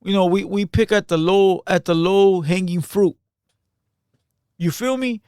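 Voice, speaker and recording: Man, YouTube reaction commentary, street slang, slightly raised pitch, dry close sound. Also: unhurried, darkish tone, clear, resonant tone, dry recording. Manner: slangy street talk, constant "bro"; loose, repetitive, emphatic.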